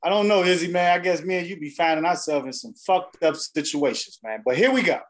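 A man's voice: fairly high pitch, animated, brisk. A man co-hosting a podcast, telling a long, profane story in casual banter. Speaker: podcast co-host.

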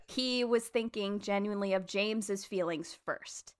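A woman's voice: medium pitch, measured pace, smooth. A woman in casual chat, retelling a fan fiction plot with lots of laughter and acted-out quotes. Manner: animated, laughing, acts out quoted characters.

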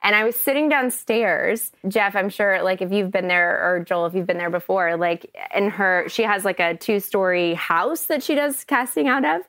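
A woman from Kentucky, an actress guest on a podcast, telling a story in an animated, chatty way. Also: medium pitch, moderate pace, hardly any pauses, no room sound. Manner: chatty, animated, often laughing.

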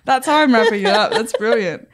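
A woman's voice: on the high side, animated, brisk. Giggly young woman podcaster. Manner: giggly, reads out listener stories. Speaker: podcast co-host. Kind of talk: casual chat.

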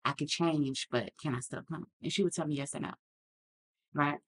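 A woman's voice: low voice, moderate pace, breathy edge. A woman talking candidly as a podcast guest, earnest and reflective, acting out the lines of others in her story.

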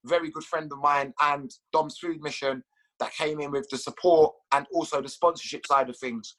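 Man, high voice, bright, animated, casual storyteller, cursing, laughing guest. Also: normal speed, low-quality recording. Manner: animated, swears freely, laughs at his own stories.

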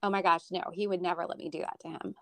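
A woman with a lowish voice and a gravelly edge talks in relaxed, chatty fashion, often restarting her sentences. The sound is dry and close, with no room around it. She tells family stories in a warm, rambling way. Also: quick pace, no echo. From Florida. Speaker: guest. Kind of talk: casual chat. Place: Northern Virginia.

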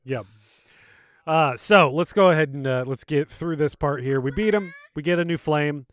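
A man co-hosting a podcast, recapping a video game scene by scene in a relaxed, rambling way. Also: fairly high pitch, normal speed, clear, resonant tone. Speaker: podcast co-host. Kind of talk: casual game discussion.

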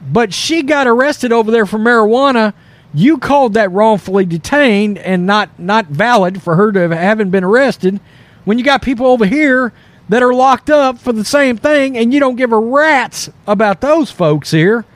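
A man hosting a reaction commentary video, talking in an animated, mocking way. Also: extremely high pitch, normal speed, no echo. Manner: animated, mocking, puts on quoted voices. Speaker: commentary host.

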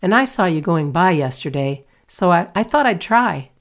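A woman's voice: lowish voice, animated, normal speed. A woman reading aloud, voicing a friendly, wistful neighbour girl in a storybook. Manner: shy and wistful, then startled.

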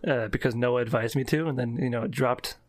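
A man's voice: medium pitch, fairly quick. A man hosting a podcast in casual chat, talkative and exclamatory. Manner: chatty, exclamatory. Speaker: podcast host.

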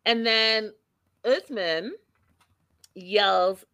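Speaking very slowly at medium pitch, a woman hosts a casual chat in a dry recording. She's an animated storyteller recapping a reality show, acting out people's words with emphasis.

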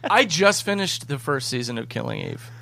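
A man's voice: mid-range voice, huge pitch swings, moderate pace, vocal fry, pushed and bright. A man co-hosting a casual podcast, tossing in wry, sarcastic asides. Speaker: podcast co-host.

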